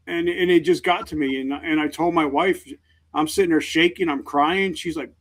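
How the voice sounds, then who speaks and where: A middle-aged man, a veteran guest on an interview show, speaking earnestly and openly in halting sentences. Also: a little high. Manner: earnest, halting, emotionally open. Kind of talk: candid interview talk.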